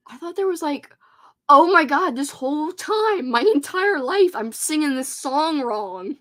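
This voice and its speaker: Giggly chatty woman, slightly high voice. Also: lively intonation, measured pace. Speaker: host. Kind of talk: casual livestream chat.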